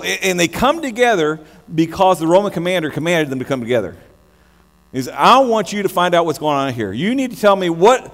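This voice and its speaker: High-voiced American pastor in echoing hall. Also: male voice. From United States. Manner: animated, many restarts and stammers. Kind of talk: sermon. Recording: long hall reverb with mains hum.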